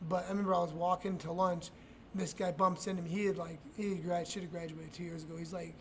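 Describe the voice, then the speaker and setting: A man's voice: high voice, steady tone, fast, fairly bright tone, a little hiss or hum. A middle-aged man, a retired fighter, telling profane, rambling stories in a casual interview, with many restarts and laughs.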